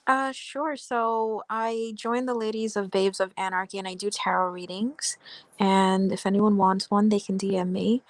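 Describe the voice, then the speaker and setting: A woman's voice: mid-range voice, steady tone, moderate pace, dry recording. A woman who reads tarot, joining a podcast as a guest and chatting in an upbeat way. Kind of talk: casual call-in chat.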